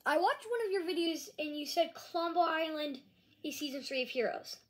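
A woman talking casually to camera in a rambling, halting apology vlog. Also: very high-pitched, lively intonation. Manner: rambling, halting, with frequent restarts. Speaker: vlogger. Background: dog nearby.

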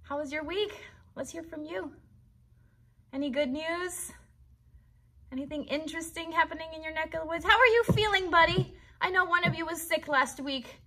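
Woman with a high, bright voice hosting a kids' puppet livestream. She talks cheerfully and encouragingly, asking young viewers about their week. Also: moderate pace. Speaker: host of children's puppet livestream. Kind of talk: friendly talk to young viewers.

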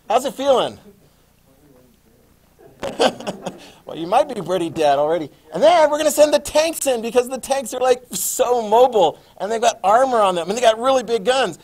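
A male history teacher lecturing a classroom in a playful, animated way, adding sound effects. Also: very high voice, moderate pace.

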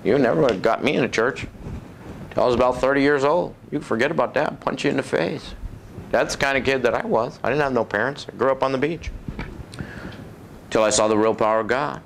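A man preaching, telling his own testimony as animated storytelling with frequent chuckles. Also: medium pitch, brisk, gravelly, slight background noise. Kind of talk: testimony sermon.

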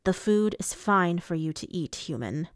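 A woman reading an audiobook voices a gruff, growling male fae lord with low, clipped lines. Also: animated, normal speed, dry recording, studio quality, lightly acted.

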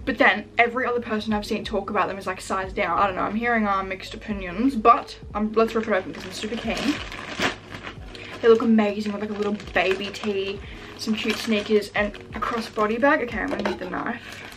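A young woman vlogger chatting casually while unboxing packages at home, gushing and excitable, full of "like" fillers. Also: mid-range voice, a little fast, background noise. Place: room at home. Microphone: camera set up in front of her.

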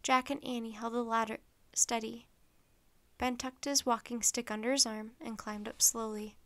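A woman reads a children's story aloud with clear, steady narration. Her voice sits somewhat high and stays plain and even. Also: normal speed.

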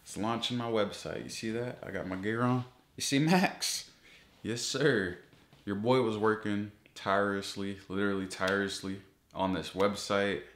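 A man vlogging, ranting about ads with heavy swearing, his voice jumping up high when he gets exasperated. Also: steady tone, moderate pace, a bit bright, reverberant, a little hiss or hum. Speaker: YouTuber. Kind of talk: casual ranting vlog.

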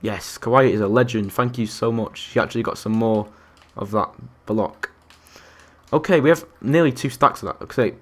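A young man commentating his Minecraft survival game, chatty and excitable, talking to the animals and to his viewers. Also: mid-range voice, moderate pace. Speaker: gaming YouTuber. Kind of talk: Minecraft let's-play commentary.

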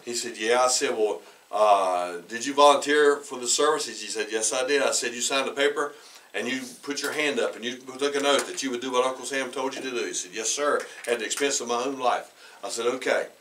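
Bright-voiced pastor preaching from a distance. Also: male voice, mid-range voice, a little fast, slight background noise. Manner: conversational, repeats words and restarts, clears throat often. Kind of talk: sermon with personal storytelling. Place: church sanctuary. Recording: bright voice heard from away from the mic.

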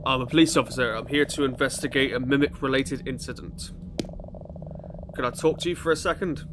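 A man's voice: mid-range voice, steady tone, brisk. A man giving chatty gaming commentary, swearing and thinking aloud while playing a police officer. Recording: gameplay with vehicle noise.

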